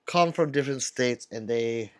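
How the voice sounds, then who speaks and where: A man's voice: medium pitch, normal speed, clean tone. A man hosting a casual livestream, reading chat aloud, laughing often and swearing freely.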